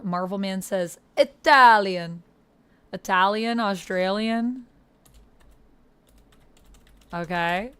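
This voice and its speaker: Smooth-voiced woman streamer chatting. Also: mid-range voice, fairly bright tone. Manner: chatty, reading chat messages aloud. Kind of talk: casual livestream chat.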